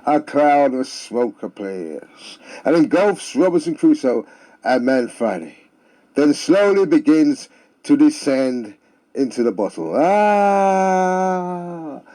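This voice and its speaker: A man's voice: medium pitch, sing-song, takes it slowly, mellow. A man telling comic stories and jokes in a theatrical manner with sing-song refrains. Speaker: storyteller. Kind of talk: comic storytelling.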